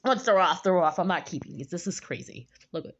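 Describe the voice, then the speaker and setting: Young woman, casual vlog story time, lively voice that leaps high, phone recording. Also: a little fast, muffled recording. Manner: animated storyteller, swings into high squeals for quoted lines. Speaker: vlogger. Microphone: phone camera.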